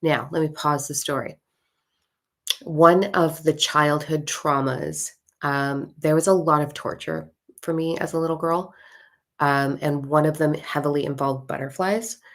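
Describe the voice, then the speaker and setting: Low gravelly-voiced woman telling a story. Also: a little slow. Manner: animated, swears, acts out voices in her story. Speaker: spiritual content creator. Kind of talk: personal storytelling.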